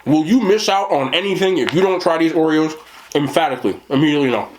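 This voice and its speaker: A man's voice: on the high side, fast, background noise. A man with a New Jersey accent doing a casual food review, blunt, profane and joking.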